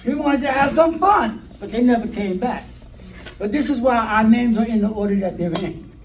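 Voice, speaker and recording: Older man, high voice, roomy distant sound. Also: moderate pace. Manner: animated, acts out quoted dialogue with hesitant fillers. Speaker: interviewee recounting his past. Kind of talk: documentary storytelling interview. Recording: roomy sound from a distant mic, faint noise.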